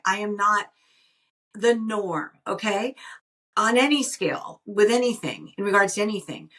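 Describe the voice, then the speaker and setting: A woman's voice: medium pitch, fairly bright tone. A woman co-hosting a podcast, telling stories animatedly and often restarting her sentences. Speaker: podcast co-host. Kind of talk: casual storytelling chat. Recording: voice heard from a distance off the mic.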